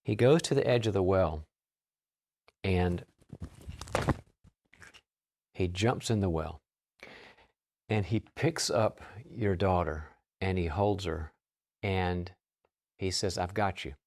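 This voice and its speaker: A man's voice: sits low, slow pace, creaky, long pauses, a little mellow, a little hiss or hum. A middle-aged man giving a sermon as a guest speaker, telling a story in a conversational way and acting out the dialogue.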